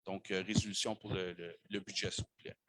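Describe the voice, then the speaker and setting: A man's voice: sits low, little pitch movement, fast talker, a bit bright, dry recording. Hesitant bilingual man presenting a budget. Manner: hesitant, many fillers, switching between French and English. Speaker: council official presenting a budget. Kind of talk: formal meeting presentation.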